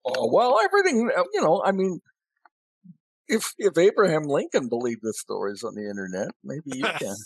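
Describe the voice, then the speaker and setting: A man's voice: on the high side, big pitch swings, normal speed, creaky, husky, no room sound. Dry-witted male guest with a swinging voice. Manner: dry quips and short replies. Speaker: guest columnist. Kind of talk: casual political talk show chat.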